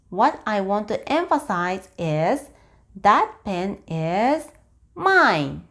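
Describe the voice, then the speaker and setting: A woman with a Japanese accent teaching a language lesson, speaking very slowly and deliberately and breaking sentences into pieces. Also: mid-range voice. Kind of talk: slow, clear online language lesson.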